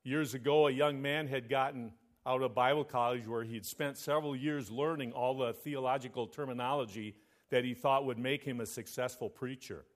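A man's voice: mid-range voice, steady tone, moderate pace. A male pastor preaching a sermon, telling a story and often asking the congregation for an "Amen?".

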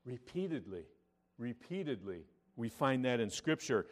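A pastor preaching a sermon, reading scripture aloud and moving between loud emphatic lines and quiet, intimate asides. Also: male voice, on the high side, lively intonation, moderate pace. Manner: reads scripture in King James wording.

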